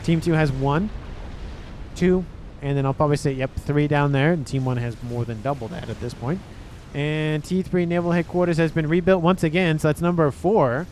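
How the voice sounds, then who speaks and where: A man casting a real-time strategy match, excitable and talking straight to the players. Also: fairly high pitch, moderate pace, slight background noise. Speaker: game caster. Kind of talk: strategy game commentary.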